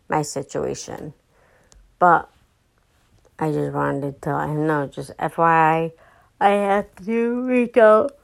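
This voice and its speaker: A woman's voice: deep voice, gravelly, a little mellow, low-quality recording. An exhausted young woman rambling through a casual podcast monologue, full of fillers and restarts. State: exhausted and fatigued. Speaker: podcast host.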